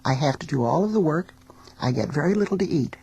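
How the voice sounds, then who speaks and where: A woman's voice: low-pitched, animated, quick pace, vocal fry, mellow, slightly rough, full character voice, low-quality recording. A woman voicing an obedient, overworked girl in a folk tale, speaking plainly and earnestly.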